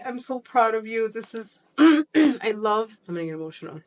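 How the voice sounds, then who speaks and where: A woman's voice: a little high, expressive, normal speed, hardly any pauses. A woman in her forties vlogging casually to camera, chatty and effusive, with the odd casual swear. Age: 40s. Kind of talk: casual vlog talk to camera.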